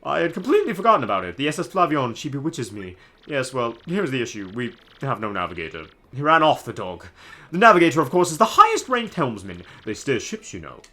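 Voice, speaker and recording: A man's voice: mid-range voice, very animated, fairly quick, bright, forceful tone, voice pushed up. A man reading game dialogue aloud as a vain, grandiose rich male merchant with theatrical, boastful speech.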